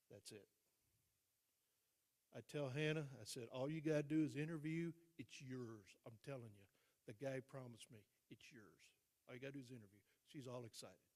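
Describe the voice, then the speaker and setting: Older man telling a story in a hall. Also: mid-range voice. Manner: storytelling, acting out dialogue, dropping to quiet emphasis. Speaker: guest speaker. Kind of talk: motivational storytelling speech. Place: large hall. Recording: long hall reverb.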